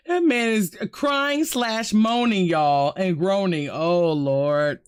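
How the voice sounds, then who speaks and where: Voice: mid-range voice, slow, few pauses, smooth. A host reacting to scary videos in casual, slangy commentary, shrieking and talking straight to viewers. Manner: loud, exclamatory and slangy, full of shrieks and asides to viewers.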